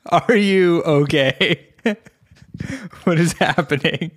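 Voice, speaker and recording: A man from New York, guest co-hosting a casual podcast chat, joking and teasing. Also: on the high side. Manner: joking, teasing, quick to laugh. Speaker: guest co-host and podcast editor.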